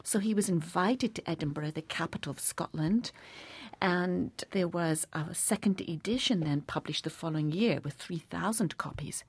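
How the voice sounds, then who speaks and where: Female guest speaker, lower register, dry close sound, expressive poetry explainer. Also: breathy edge, no room sound. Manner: expressive, animated recitation.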